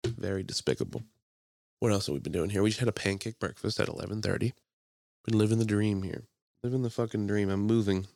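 A young man co-hosting a podcast, telling stories in a profane, animated way and putting on mocking voices. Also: on the low side, fast talker, no room sound, studio quality. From Philadelphia area. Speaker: podcast co-host. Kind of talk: casual chat.

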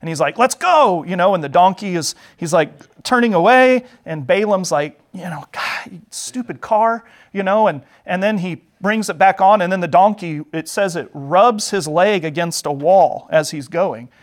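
A man's voice: high voice, moderate pace, few pauses. Chatty man teaching a Bible lesson. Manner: chatty, joking, animated retelling. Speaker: Sunday school teacher.

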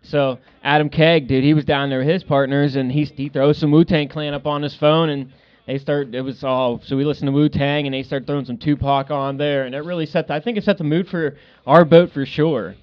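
A man on a podcast telling a fishing story in casual talk, loud and swearing. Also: fairly high pitch, fairly even intonation, brisk, hardly any pauses. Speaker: podcast co-host. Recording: dull lo-fi sound.

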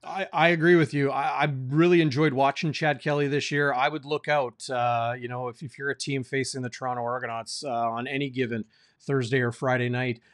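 A man's voice: medium pitch, level tone, brisk, no echo. A man who hosts a sports show and asks long, winding interview questions. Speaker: sports reporter, host.

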